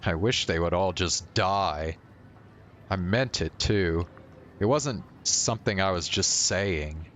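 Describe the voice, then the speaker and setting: Man, streamer, reading game text aloud, low voice, unhurried, faint background hiss. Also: fairly bright tone. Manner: reads game text aloud, breaking off for offhand remarks and chuckles. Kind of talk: reading a visual novel aloud with casual commentary.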